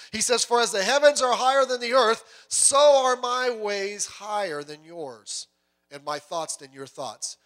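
A male pastor preaches with a high, bright, ringing voice. He is animated and acts out the voices in his story. He sometimes drops to a soft, quiet voice to drive a point home. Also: normal speed. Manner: animated preaching, acting out voices of people and God. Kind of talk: sermon.

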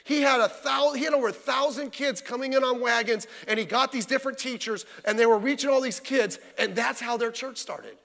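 Creaky, very high, and fairly bright, a man's voice runs a little fast with few pauses as he preaches a midweek sermon. The pastor keeps things folksy and conversational, heavy on rhetorical questions, in a reverberant church hall.

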